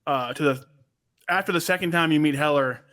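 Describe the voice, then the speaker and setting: A man's voice: fairly high pitch, fairly quick, fairly bright tone. A man hosting a casual interview in an easygoing, chatty way. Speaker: podcast host.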